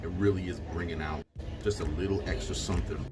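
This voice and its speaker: A man's voice: low-pitched, fairly even intonation, fast. A man in his forties, a toy store owner, talking eagerly in a casual vlog and describing things in loving detail. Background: loud background music.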